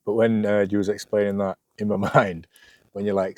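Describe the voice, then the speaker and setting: Man, low mellow voice, halting casual talk, lots of restarts, outdoors by a campfire. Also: level tone, no echo. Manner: halting, many restarts and fillers, laughs softly. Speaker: podcast co-host. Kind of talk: casual chat.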